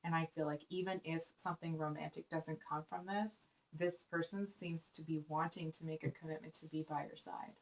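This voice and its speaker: A woman's voice: low-pitched, steady tone, normal speed, few pauses. A woman giving a casual spoken tarot reading, earnest and rambling, with many fillers and restarts. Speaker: tarot reader.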